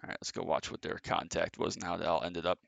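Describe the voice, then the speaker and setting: A man's voice: low voice, monotone, fast, gravelly, background noise. A man giving casual, chatty commentary on his own sim race, a little out of breath. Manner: chatty, filler-heavy, self-correcting. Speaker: sim racing streamer.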